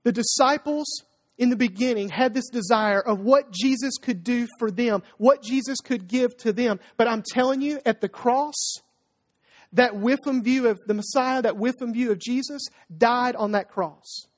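A preacher delivering a sermon with emphasis, pausing to ask the listeners to finish his sentences. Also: mid-range voice. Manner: emphatic, rhetorical call-and-response questions. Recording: long hall reverb.

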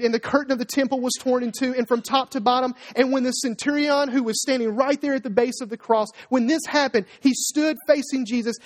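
A preacher delivering a sermon with emphasis, pausing to ask the listeners to finish his sentences. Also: medium pitch. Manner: emphatic, rhetorical call-and-response questions. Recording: long hall reverb.

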